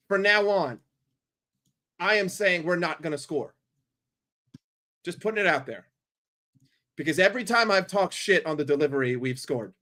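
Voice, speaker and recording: A man streaming a football watchalong, calling the play for his chat in a blunt, profane, excitable way. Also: a little high. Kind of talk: live play-by-play commentary for a chat.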